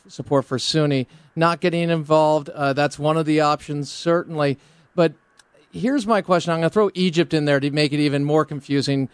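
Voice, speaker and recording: A male radio talk show host who interviews a guest with brisk, announcer-like questions. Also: a little high, smooth, no room sound. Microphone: studio microphone.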